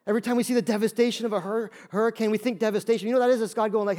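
A male pastor preaching a lively sermon, acting out little voices and jokes to make his points. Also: sits high, rapid-fire, few pauses. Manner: animated, acts out voices and jokes.

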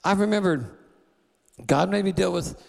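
A man's voice: sits high, moderate pace, gravelly. A man preaching a sermon, declaring and repeating calls to the congregation with a drawling folksy grammar. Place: church sanctuary. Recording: long reverb in a church hall.

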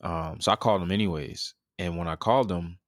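A man in his thirties tells a personal story in an interview, reflective and earnest, with fillers and restarts in candid conversational style. His voice sits low and moves a little fast, in a dry, clean studio recording.

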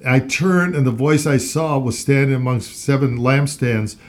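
A man's voice: medium pitch, unhurried. A man co-hosting a Christian talk show, teaching the Bible in an earnest, conversational way and reading scripture aloud with rising emphasis.

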